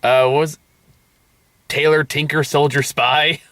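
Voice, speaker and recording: A man's voice: a little high, level tone, a little slow, fairly bright tone, no room sound. A man hosting a casual movie review chat, rambling and laughing often as he trails off mid-sentence. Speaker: movie review show host.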